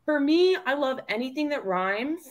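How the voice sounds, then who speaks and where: A woman's voice: high-pitched, lively intonation, normal speed. A woman co-hosting a casual talk show, blunt and self-deprecating, with frequent swearing. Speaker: co-host, writer. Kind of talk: casual chat.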